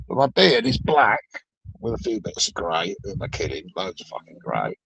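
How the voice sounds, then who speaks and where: A man's voice: medium pitch, creaky, fairly bright tone, husky, dry recording, low-quality recording. A middle-aged man, ranting alone to camera in a blunt, sweary, sardonic way. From Britain. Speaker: vlogger. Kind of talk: profane solo rant.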